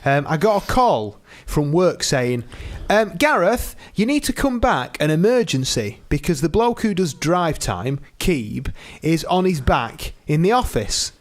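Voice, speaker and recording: Animated storyteller man. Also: fairly high pitch, measured pace, hardly any pauses. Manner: animated anecdotes with put-on quoted voices. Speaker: podcast co-host. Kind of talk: casual storytelling chat.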